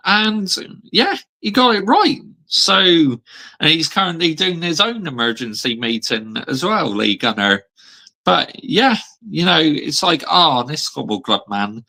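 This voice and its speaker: A man's voice: a little high, creaky, sharp tone. A man in his thirties ranting on a fan vlog, heated and sweary, still seething after a defeat. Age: 30s. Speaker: football fan vlogger.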